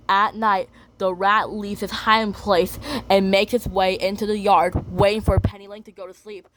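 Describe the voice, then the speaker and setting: A woman's voice: medium pitch, little pitch movement, normal speed, fairly bright tone, a little hiss or hum. A woman eagerly retelling cartoon episodes, chaining events with "and then" and acting out the characters' lines. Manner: eager, breathless storytelling with many "and then"s.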